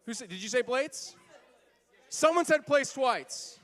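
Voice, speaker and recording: A man hosting a party game for a church youth group, playful and teasing, now and then shouting over the room. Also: very high-pitched, expressive, a little slow, some chatter behind.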